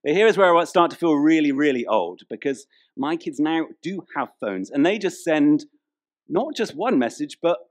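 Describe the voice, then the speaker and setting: A man's voice: a little high, sing-song, moderate pace. A man, preaching a humorous, chatty sermon in a church. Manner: humorous storytelling, chatty, playful with the congregation. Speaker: pastor.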